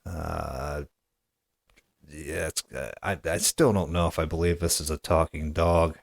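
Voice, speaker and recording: A man's voice: rumbling low, steady tone, unhurried, vocal fry, dry recording, clean studio sound. A man hosting a comedy podcast, talking hesitantly with stammers and a skeptical tone. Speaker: podcast host. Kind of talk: comedy podcast prank call.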